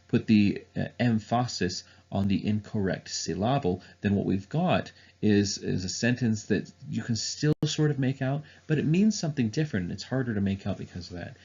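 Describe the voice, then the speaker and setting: A man's voice: lowish voice, gravelly, darkish tone, breathy edge, highs cut off. A man teaching music theory in a recorded online lesson, explaining step by step with frequent "uh" and "um" fillers.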